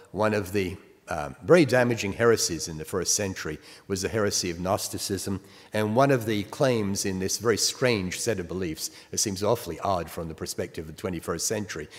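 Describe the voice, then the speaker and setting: A man preaching a sermon, reading scripture aloud and stressing key words as he explains them. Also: on the low side. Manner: emphatic, reads scripture with rising stress. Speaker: pastor. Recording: long reverb of a hall.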